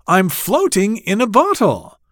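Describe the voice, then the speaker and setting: A man doing a squeaky little ant, Andy. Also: huge pitch swings, a little slow, dry recording, clean studio sound, exaggerated voice. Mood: pleading. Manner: high, squeaky pleading voice. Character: small anxious young male ant.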